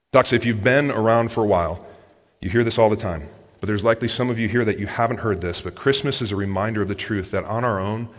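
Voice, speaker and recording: A male pastor delivers a sermon to a full church. His voice sits at a mid pitch and carries a long hall reverb. He drops to quiet, earnest tones, then rises to loud, excited questions aimed at the congregation. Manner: asks the congregation direct questions.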